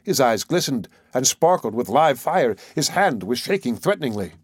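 A man narrating a classic adventure story in the first person, measured and expressive. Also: medium pitch, breathy edge, no echo. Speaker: audiobook narrator.

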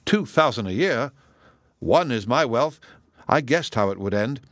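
A level-headed young woman, as read by a man, measured and lightly teasing. The voice sits only a little above his own, dry and close. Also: medium pitch, expressive, a bit bright, dry recording. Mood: composed. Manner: measured and wry. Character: sensible, composed young woman, gently teasing. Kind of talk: audiobook character reading.

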